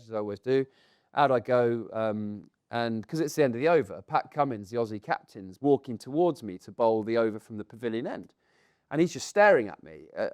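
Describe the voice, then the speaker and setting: Man telling a lively story live. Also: mid-range voice, no room sound, clean studio sound. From England. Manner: lively anecdote-telling with acted-out quotes and laughter. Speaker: podcast co-host telling a cricket story. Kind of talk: animated storytelling to a live audience. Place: stage in front of a live audience.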